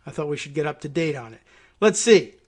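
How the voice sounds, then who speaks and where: A male podcast host talking alone in a loose, meandering way, often stopping to correct himself. His voice sits a little higher than most men's. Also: lively intonation, brisk. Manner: rambling, self-correcting, chuckles at odd pronunciations. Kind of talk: casual solo political talk.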